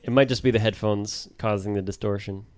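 Man, slightly low, resonant clear voice, relaxed conversational delivery. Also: a little fast. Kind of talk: casual group chat during a word game.

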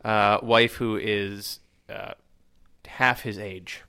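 A man's voice: fairly low pitch, fairly even intonation, extremely slow, creaky, pushed and bright, clear, resonant tone. A man co-hosting a podcast in casual chat, with dry, matter-of-fact jokes. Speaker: podcast co-host.

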